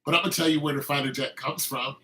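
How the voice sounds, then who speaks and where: A man's voice: fairly high pitch, fairly even intonation, fast talker, bright, forceful tone, poor audio. A man hosting a podcast, delivering an opinionated casual monologue, heated and emphatic with frequent restarts. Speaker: podcast host.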